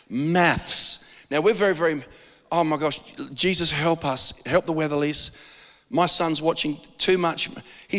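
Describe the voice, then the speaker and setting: A man with an Australian accent preaching a sermon as pastor, animated and joking, with frequent restarts. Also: high voice, long reverb tail.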